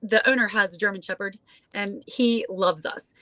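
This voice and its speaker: A woman's voice: mid-range voice, moderate pace, sharp tone, dry recording. A woman in her forties telling a story as a guest in casual chat, full of fillers and acting out the voices of others. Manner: chatty, acts out quoted voices, many fillers.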